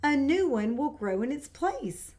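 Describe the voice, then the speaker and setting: A woman's voice: high voice, big pitch swings, unhurried, pitched above the performer's own voice. A teacher reading as a patient mother pig. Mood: reassuring. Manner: read-aloud, gently explaining.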